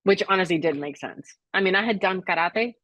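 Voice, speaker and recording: A middle-aged woman telling her personal story as a podcast guest, reflective and halting, with tearful moments. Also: fairly low pitch, a bit bright, no room sound, lo-fi sound.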